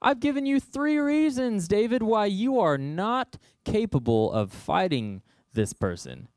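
A man's voice: high-pitched, sing-song, unhurried, a little mellow, clean tone, dry recording, clean studio sound, voice pushed up. Man doing a scoffing, incredulous King Saul. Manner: exasperated, mocking, counting off reasons.

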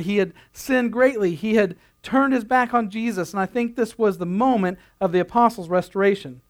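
A man with a notably high voice delivering a sermon. He speaks earnestly, leaning on repeated phrases to drive his points home. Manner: earnest, building emphasis, repeats phrases for effect. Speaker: pastor.

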